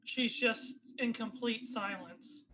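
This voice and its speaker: A woman's voice: a little high, slow, fairly bright tone, slight background noise, poor audio. A woman narrating as game master in a casual, hesitant way with many fillers.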